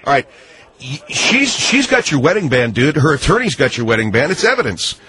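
Man, radio host, lively pitch, mediating, exasperated. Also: quick pace, slightly rough. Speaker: radio talk show host. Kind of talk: radio call-in show.

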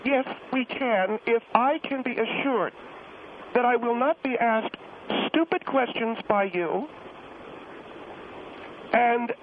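A man's voice: very high voice, voice pushed up. A man voicing a prickly, haughty middle-aged woman who calls in to a radio show and talks down to the host. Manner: indignant, huffy and condescending. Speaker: radio guest on the phone. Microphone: telephone. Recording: tinny phone line, faint hiss.

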